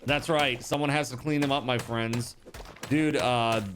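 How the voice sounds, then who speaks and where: A man casually chatting to his viewers while he plays a game, animated and rambling, with many fillers and restarts. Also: mid-range voice, a little slow, noisy background. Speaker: streamer.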